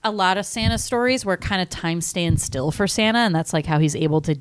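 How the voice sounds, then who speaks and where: A young adult woman co-hosting a podcast, chatting casually with bubbly, quick reactions. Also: lowish voice, clean tone, no room sound. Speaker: podcast co-host. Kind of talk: casual chat.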